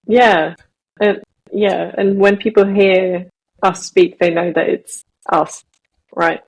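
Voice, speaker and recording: A woman from Malaysia with a husky, slightly breathy voice co-hosts a podcast. She chats casually and explains her points at length, in an easygoing, talkative manner. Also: medium pitch, steady tone, takes it slowly, a little mellow, poor audio. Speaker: podcast co-host. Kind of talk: casual chat.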